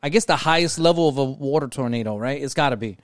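A man's voice: medium pitch, fast talker, dry recording, studio quality. A man co-hosting a podcast, chatting casually in a rambling way, swearing freely and trailing off mid-thought. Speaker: podcast co-host.

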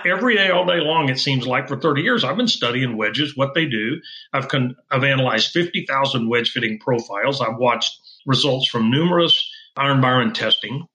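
A man's voice: mid-range voice, bright, forceful tone, poor audio. A middle-aged man who designs golf wedges, telling stories in an interview with an emphatic, self-assured manner. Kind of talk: interview conversation.

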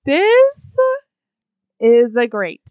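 A chatty woman with a slightly high, bright voice recaps a book in casual podcast talk, dropping low to act out lines. The sound is dry and close, with no room around it. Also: huge pitch swings, very slow, no room sound. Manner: drops into a low husky voice to act out characters' lines, laughs often, swears. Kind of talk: casual chat.

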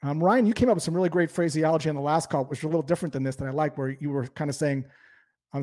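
Brief: male sales trainer, mellow tone, slightly higher pitch, explanatory. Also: rapid-fire. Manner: explanatory, lively coaching. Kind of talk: instructional talk.

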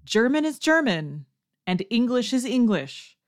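A woman hosting a language-learning podcast, reading a scripted lesson and acting out learners' questions in a higher voice. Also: very animated, unhurried. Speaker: language teacher and podcast host.

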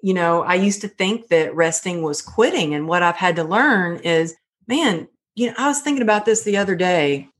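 Earnest and animated, a middle-aged woman with a slightly low voice recounts her story like a guest in a relaxed podcast chat. Her intonation is lively and her pace moderate.

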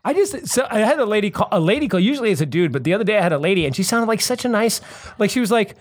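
A man's voice: high-pitched, rapid-fire. A man on a podcast telling stories in casual chat, acting out the voices of the people he quotes. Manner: animated storyteller, acts out voices in quoted dialogue. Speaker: podcast co-host.

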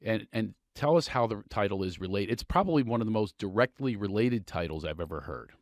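A man's voice: on the low side, a little fast, no room sound. A man hosting a podcast, chatting casually and joking with a guest in a studio. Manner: animated, jokey, self-deprecating. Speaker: podcast host and comedian. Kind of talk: casual interview chat. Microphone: studio microphone.

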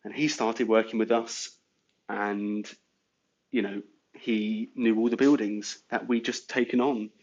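A man's voice: lowish voice, flat delivery, unhurried, darkish tone. Chatty man, dull lo-fi sound. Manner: chatty, filler-heavy with lots of "you know". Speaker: guest business owner. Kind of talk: casual storytelling.

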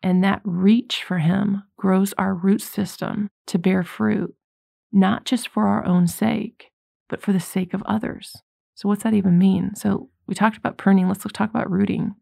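A woman giving an earnest, conversational faith talk, mixing scripture with personal stories and getting animated when she acts out her own thoughts. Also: medium pitch, unhurried, gravelly, no echo, clean studio sound. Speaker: Christian speaker.

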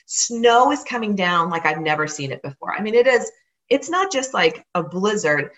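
A woman telling a personal story in an animated way, acting out what others said. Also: medium pitch, normal speed. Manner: animated, acts out others' words.

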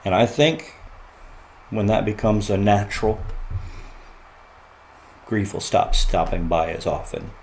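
Earnest low-voiced man. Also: takes it slowly, pauses often, darkish tone, a little hiss or hum. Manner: earnest, reflective storytelling with frequent laughter. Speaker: podcast guest. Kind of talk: heartfelt podcast conversation.

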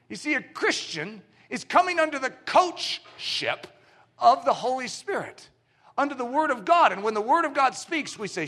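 A pastor from the United States preaches a sermon in a high, bright voice that jumps wildly around, at a moderate pace. He's animated, commits fully to the voices he quotes, and presses hard on his main points.

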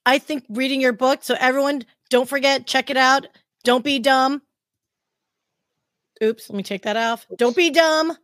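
A woman from Southern California hosting a podcast in an upbeat, chatty way, giving shout-outs. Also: high-pitched, steady tone, measured pace, no room sound, studio quality. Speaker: podcast host. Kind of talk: casual podcast chat.

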